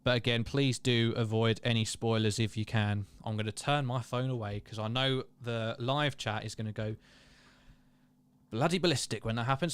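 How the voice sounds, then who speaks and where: A man's voice: mid-range voice, smooth, no echo. A young man hosting a live match watchalong, chatting casually, reading viewer comments and calling the play. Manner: chatty, self-deprecating, reads out viewer comments.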